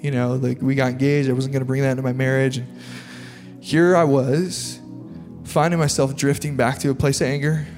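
A man's voice: mid-range voice, flat delivery, brisk, darkish tone. A man preaching a sermon testimony, earnest and confessional, talking loosely with lots of fillers, in a large hall with an audience. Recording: long hall reverb with faint music behind.

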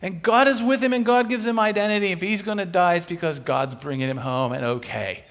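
A man preaching a sermon, telling a Bible story with animated delivery and acting out the voices of its figures. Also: high-pitched, a little fast.

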